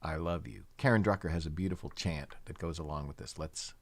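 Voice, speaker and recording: Deep-voiced man giving a slow sermon. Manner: slow, reflective, with gentle pauses. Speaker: minister. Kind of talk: spiritual talk leading prayer. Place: in the United States.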